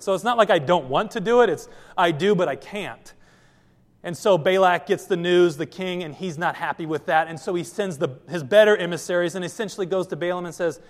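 A man pastor giving a sermon, telling the story in a lively way and speaking straight to his listeners. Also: high voice, a little fast. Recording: long hall reverb.

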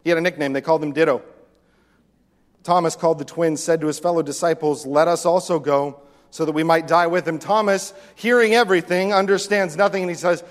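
A man preaching a sermon as pastor, animated, acting out voices from the text. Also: a little high, fast talker. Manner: animated, acts out the disciples' lines. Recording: long reverb of a hall.

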